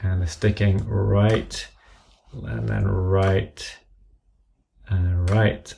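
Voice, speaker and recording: Keyboard and mouse clicks accompany a man's screen-recorded tutorial on a music app, where he methodically inputs drum notation, calling out notes and stickings while slowly muttering self-corrections. His voice is low, creaky and mellow, with little pitch movement, and there's slight background noise.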